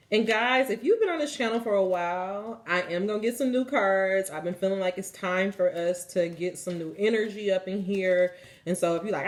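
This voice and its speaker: A woman hosting a spiritual card-reading vlog, excitable and profane, laughing often, who turns slow and solemn when she reads cards aloud while seated indoors. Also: lowish voice. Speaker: card reader and channel host.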